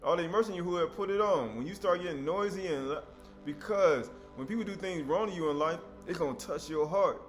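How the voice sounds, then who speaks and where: A man preaching a sermon in a conversational, animated way, with sudden loud outbursts. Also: high voice, fairly quick, faint music behind.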